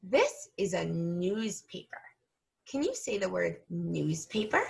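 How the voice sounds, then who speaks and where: A woman teacher leading an early-reading lesson for young children, slow and patient, stretching out each sound. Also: fairly low pitch, sing-song, vocal fry.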